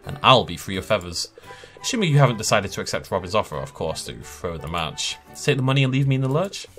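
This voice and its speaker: A fretful, earnest mentor trapped in a bird's feathers, from a video game , voiced by a man reading along. His pitch bounces lively between worry and reassurance, over faint background music. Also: quick pace. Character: anxious male mentor cursed into a bird.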